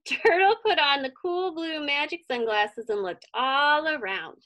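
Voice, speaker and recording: A woman reading a picture book aloud to children, animated and stopping to ask them questions. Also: high voice, unhurried, hardly any pauses. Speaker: children's story reader.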